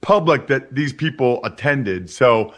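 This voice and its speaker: Bright-voiced man telling rambling stories. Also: mid-range voice, lively intonation, a little slow. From Wyomissing, Pennsylvania, USA. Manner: rambling anecdotes with frequent restarts and repeated words. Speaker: guest, former NFL player. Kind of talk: casual interview storytelling.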